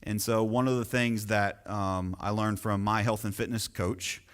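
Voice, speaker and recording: A man giving a sales training talk as a real estate coach, energetic and emphatic, often asking the audience questions. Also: fairly low pitch, unhurried.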